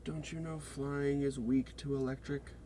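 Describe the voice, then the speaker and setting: A man's voice: medium pitch, little pitch movement, measured pace, warm tone, a little hiss or hum, natural voice. A man reading a cocky electric fighter. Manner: plainly read, no accent attempted.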